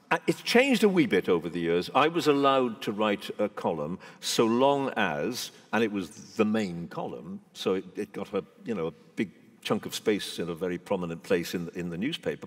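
An older man, a veteran broadcaster and guest in a live on-stage conversation, speaking in a forthright, emphatic way and often restarting his sentences. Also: sits low. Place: large event hall before an audience. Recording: long hall reverb.

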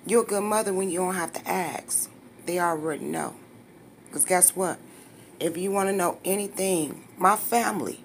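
A woman in her fifties vlogs to her viewers in a blunt, slangy, heartfelt way, turning emotional as she talks. Her voice sits a bit low, with faint room noise behind her. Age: 50s. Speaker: vlogger. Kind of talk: emotional casual vlog talk.

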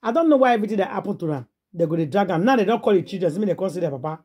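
A Nigerian woman with a husky, breathy voice, spinning celebrity gossip for her vlog. Her delivery is dramatic, with quick put-on voices for each person in the story and frequent asides to her audience. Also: on the low side, lively intonation, mellow. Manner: dramatic, acts out the quoted voices, calls on the audience directly.

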